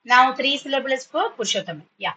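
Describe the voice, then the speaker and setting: Woman, teacher, bright, fairly high voice, patient, repeats words slowly. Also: animated, rough recording. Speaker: spoken English teacher. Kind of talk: online class for school students.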